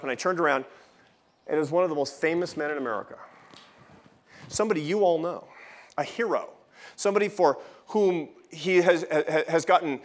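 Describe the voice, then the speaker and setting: A man in his fifties, president of a think tank, tells a personal story laced with wry asides during a keynote talk at a festival, before an audience in a large event hall. His voice is on the high side with a fairly bright tone.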